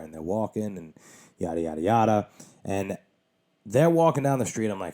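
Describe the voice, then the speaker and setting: A man hosting his own podcast, telling a long story in a casual, animated way with lots of swearing and exasperation. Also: lowish voice, normal speed. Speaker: podcast host.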